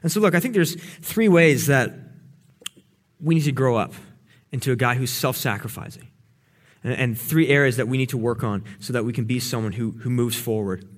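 A man's voice: medium pitch, animated, normal speed. A young man preaching a casual, storytelling sermon to young adults, with lots of fillers and restarts as he builds toward a challenge. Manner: conversational, fillers and repeated words, builds to exhortation.

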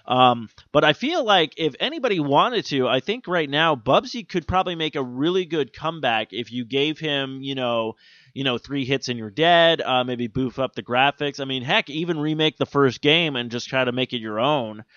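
A man's voice: mid-range voice, lively intonation, normal speed, a bit bright, dry recording. A man chats loosely on a gaming podcast, trailing off and starting over as he goes. The sound is muffled and dry, like a cheap home mic in a small room. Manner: rambling, many fillers and restarts. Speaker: podcast co-host. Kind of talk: casual gaming podcast chat.

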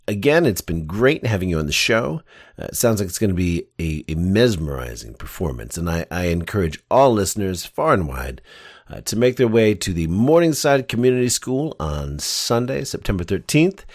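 Deep-voiced rambling podcast host man. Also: very animated, moderate pace, a little mellow, no echo, studio quality. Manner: rambling and enthusiastic. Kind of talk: casual interview chat.

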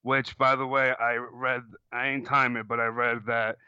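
A man co-hosting a casual movie podcast, laughing often and filling pauses with "um". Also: mid-range voice, flat delivery, pushed and bright, clear, resonant tone, no echo, lo-fi sound. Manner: laughs often, filler-heavy. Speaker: podcast co-host.

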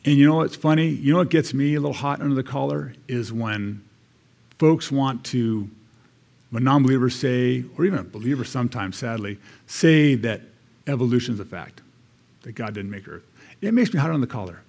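American male church elder, mid-pitched, folksy sermon delivery with scripture readings. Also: normal speed, gravelly, a little mellow. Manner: conversational, reading scripture aloud with asides.

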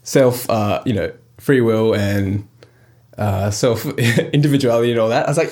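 A young man on a casual podcast, telling an animated story and laughing often. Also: fairly low pitch, normal speed. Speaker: podcast host. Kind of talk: casual chat.

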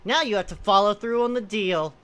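A woman hosting a group call and reading a joke quiz aloud in a playful mock-hypnotic voice, sliding between slow soothing murmurs and loud giggly shouts. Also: mid-range voice.

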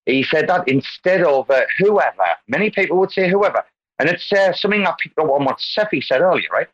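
A man's voice: on the high side, expressive, fairly quick, highs cut off. A man hosting an online community call, talking casually and animatedly as he wanders into tangents and lectures about word stress. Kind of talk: casual group call chat.

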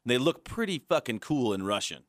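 A man's voice: medium pitch, brisk, dry recording, studio quality. A man co-hosting a podcast, joking in casual chat with lots of swearing. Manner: profane, joking, animated. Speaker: podcast co-host.

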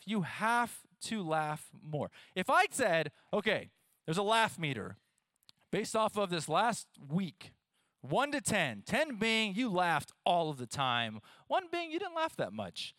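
A man in his thirties preaching a sermon, playful and animated, talking straight to his audience. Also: high-pitched, no echo. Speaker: pastor.

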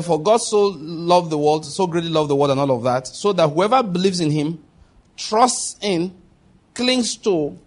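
A male pastor preaching a sermon, emphatic, reading scripture slowly and repeating key phrases. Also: high-pitched.

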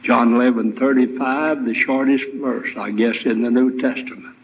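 A man's voice: medium pitch, fairly even intonation, normal speed, slight background noise. A man preaching a sermon as guest speaker, retelling scripture with emphatic rhetorical questions. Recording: tinny, phone-like lo-fi recording.

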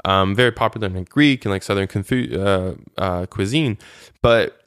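A man's voice: on the low side, moderate pace, clear, resonant tone, no echo, studio quality. A man being interviewed about his time as a volunteer, telling chatty stories with many fillers and restarts. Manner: chatty, animated storytelling with frequent fillers and restarts. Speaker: interview guest, former volunteer. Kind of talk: casual conversational interview.

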